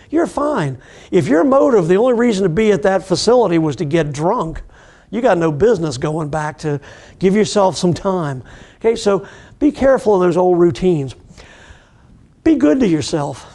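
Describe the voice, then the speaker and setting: A middle-aged man teaching about addiction recovery, telling a story in a relaxed, conversational way and acting out the people in it. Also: high voice. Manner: conversational, acts out the people in his stories. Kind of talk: storytelling lecture.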